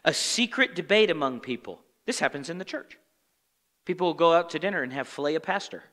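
Brisk and animated, a man preaches a Bible study from the pulpit, and the church sanctuary gives his bright voice a long reverb. As pastor, he peppers the congregation with fill-in questions in a conversational style, then slips into muttered impressions of grumbling complainers.

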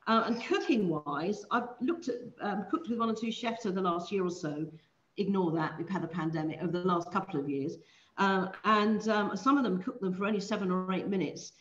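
A woman's voice: mid-range voice, brisk, echoey room, lo-fi sound. A woman presenting an online seafood masterclass, explaining preparation in a chatty way with frequent ums and self-corrections over a video call. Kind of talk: live online cooking demonstration.

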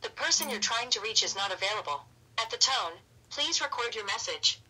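A woman's voice: a little high, a little fast, breathy edge, far from the mic, low-quality recording. A woman's recorded voicemail greeting playing back over a phone. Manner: flat recorded prompts. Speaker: automated voicemail system. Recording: thin speaker audio from a phone.

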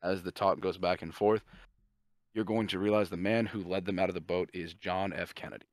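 A man co-hosting a podcast, casually pitching a movie plot in a rambling, profane way and briefly voicing the characters. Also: steady tone, no room sound. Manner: profane, rambling, acts out characters' lines in quick asides. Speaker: podcast co-host.

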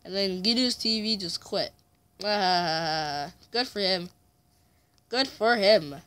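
A man narrating his gameplay in a bright, forceful voice. He chats along, mutters and swears mildly when things go wrong, and taunts opponents with yelled challenges. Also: sits high, slow, smooth. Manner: mutters frustration, mild swearing. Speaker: gamer. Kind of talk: let's play commentary.

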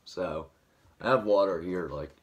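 A man's voice: sits low, measured pace, a little hiss or hum. A young man with a dry throat, rambling casually to camera at home early in the morning, still waking up. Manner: rambling, filler-heavy, just waking up. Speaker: vlogger.

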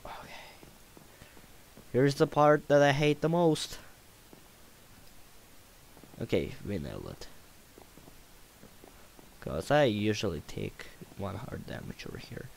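A man's voice: mid-range voice, expressive, measured pace, a little hiss or hum, rough recording. A man doing a put-on Russian accent while casually commentating a video game, playful and jokey. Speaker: gamer.

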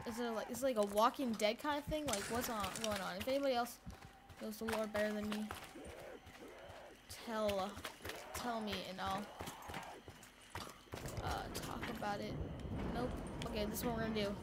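A high-voiced woman rambling through casual let's-play commentary, excitable and full of "you know"s. The home recording has loud background noise running under her voice. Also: moderate pace, long pauses. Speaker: gaming YouTuber.

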